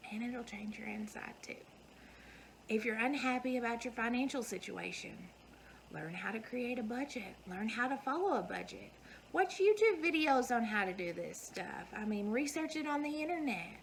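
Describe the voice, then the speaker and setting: A woman vlogger with a somewhat high, creaky voice gives her viewers an earnest, folksy motivational talk, driving points home through emphatic repetition. The recording is low quality, with slight background noise.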